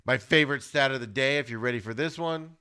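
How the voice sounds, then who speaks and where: A man hosting a podcast, giving an animated, ranting football recap with plenty of exclamations. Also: mid-range voice, fast, smooth. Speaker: podcast host.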